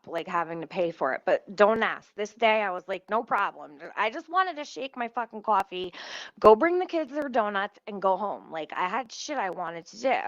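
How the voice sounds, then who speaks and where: A woman's voice: medium pitch, fairly bright tone, no echo. A woman telling a story in a casual, profane rant, swearing often, recorded at home in her kitchen. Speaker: vlogger. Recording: muffled dry home recording.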